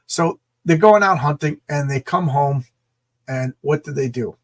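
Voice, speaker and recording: A man's voice: a little high, unhurried. A man hosting a casual comic book show, enthusiastically reading and rambling over old panels. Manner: enthusiastic, rambling, laughs and restarts often.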